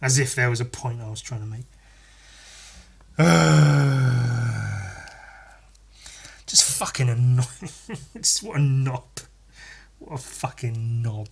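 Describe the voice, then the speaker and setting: A man's voice: medium pitch, slow pace, gravelly, long pauses, slightly rough. Male podcast host, rambling and profane, exasperated tone, casual solo rant. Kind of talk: casual ranting monologue.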